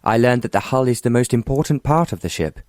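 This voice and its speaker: A man voicing a mild, wry former naval officer, an earl who stays calm and stubborn in a romance audiobook. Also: medium pitch, fast talker, dry recording, clean studio sound, pitched above the performer's own voice, close to an everyday voice.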